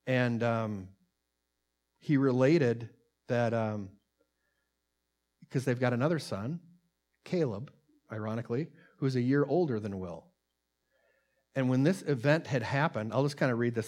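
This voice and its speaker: A man preaches in an earnest, plain-spoken way, his voice sitting at a middle pitch. He reads quoted lines aloud with more force and fills his own commentary with ums and restarts. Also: a little mellow. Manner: earnest, rising in volume on quotes, many fillers. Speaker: pastor. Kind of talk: sermon with read-aloud transcript.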